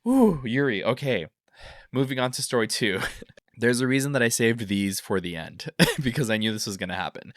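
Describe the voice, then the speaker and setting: A man's voice: medium pitch, lively intonation, normal speed, fairly bright tone, soft background music. A man hosting a podcast, telling a story in a rambling way full of fillers, and reading out listener stories. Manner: rambling, filler-heavy, openly emotional. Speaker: podcast host.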